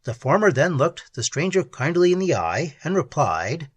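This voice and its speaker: A man narrating a classic ghost story in measured audiobook style. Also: fairly high pitch, very animated, husky, no echo.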